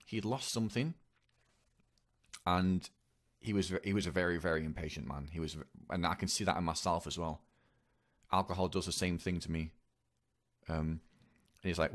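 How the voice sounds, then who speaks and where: A man telling a personal story in a confessional vlog, speaking haltingly and earnestly with many repeats. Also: deep voice. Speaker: vlogger.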